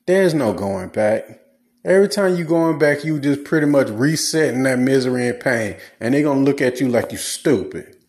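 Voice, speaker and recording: A man's voice: medium pitch, animated, moderate pace, darkish tone. A man giving blunt, preachy relationship advice in a casual, slangy monologue.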